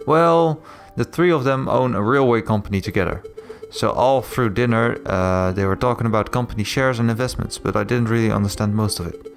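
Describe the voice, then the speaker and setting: A man's voice: mid-range voice, brisk, creaky, hardly any pauses, soft background music, close to an everyday voice. A man voicing a chatty, naive young noblewoman cat in a story game.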